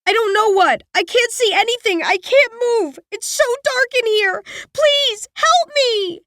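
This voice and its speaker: A woman's voice: extremely high pitch, lively intonation, takes it slowly, gravelly, dry recording, studio quality, voice pushed up, exaggerated voice. A woman voicing a terrified young girl trapped in a coffin, pleading in panic.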